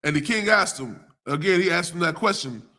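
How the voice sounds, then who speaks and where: A man reading scripture aloud slowly, then retelling it in casual everyday talk as a teacher. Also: fairly high pitch, animated, sharp tone. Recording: live stream talk.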